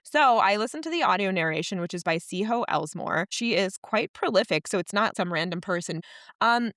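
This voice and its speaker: A woman chats through a book club episode as co-host, animated and full of quick asides. Her voice sits in a middle range. The recording is close and dry, with no room sound. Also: medium pitch, dry recording. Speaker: podcast co-host. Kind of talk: casual book club chat.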